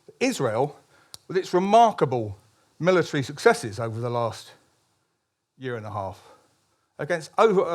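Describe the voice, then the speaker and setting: A man, a columnist, giving a public speech at a political meeting, emphatic, with frequent restarts and ironic asides. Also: a little high.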